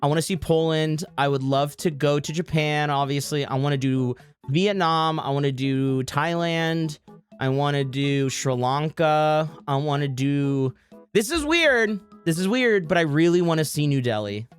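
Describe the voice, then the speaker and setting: A woman's voice: low voice, fairly even intonation, normal speed, darkish tone, faint music behind. A woman streamer chatting casually with her viewers, rambling and correcting herself. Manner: rambling, self-interrupting, swearing.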